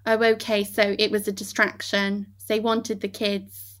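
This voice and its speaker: A podcast co-host chats casually about a movie, talking freely, laughing often and trailing off mid-sentence. Her mid-range voice is completely flat in delivery and unhurried.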